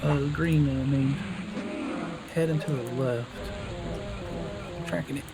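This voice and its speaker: A man in casual gaming voice chat, making quick remarks to his group. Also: a little high, steady tone, background noise. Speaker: gamer in voice chat.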